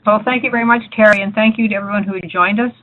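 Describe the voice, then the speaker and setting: A woman hosting a webinar, giving brisk, polite closing remarks. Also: mid-range voice, steady tone. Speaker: webinar host. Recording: tinny phone-like webinar audio.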